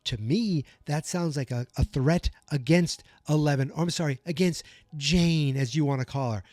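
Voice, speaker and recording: Male podcast host, solo recap; animated, venting, higher pitch, dry close sound. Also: normal speed, no room sound. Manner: animated, gets worked up and vents.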